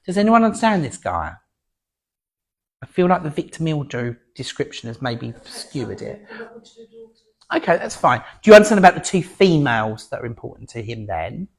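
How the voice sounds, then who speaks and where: Lively chatty man as medium. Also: mid-range voice. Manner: chatty, halting, many fillers and restarts. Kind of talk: platform mediumship demonstration. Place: spiritualist centre meeting room before an audience.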